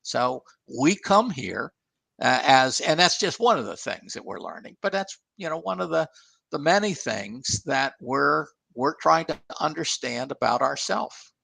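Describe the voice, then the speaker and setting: Gravelly older man, halting speech. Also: on the high side, animated, bright, forceful tone, no room sound. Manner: halting, many restarts and fillers, thoughtful. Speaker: guest, former engineer and author. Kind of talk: casual interview talk.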